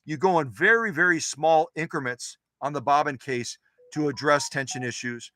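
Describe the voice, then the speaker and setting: Bright, chatty man hosting a workshop stream. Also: fairly high pitch, normal speed, no room sound. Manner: chatty, digressive, repeats phrases. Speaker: sewing machine restorer, show host. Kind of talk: live-stream workshop demonstration.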